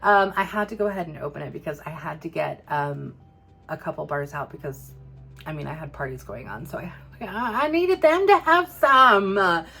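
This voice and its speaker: A woman's voice: low voice, animated, fairly quick, vocal fry, a bit bright, soft background music. A woman giving a bubbly, chatty product review, talking straight to her viewers with playful asides. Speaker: vlogger reviewing home fragrance.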